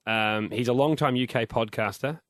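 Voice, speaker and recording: A man's voice: medium pitch, fairly bright tone, no echo, studio quality. A man co-hosting a casual comedy podcast, reading out a listener's email with lots of ums and restarts. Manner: halting, full of ums and restarts.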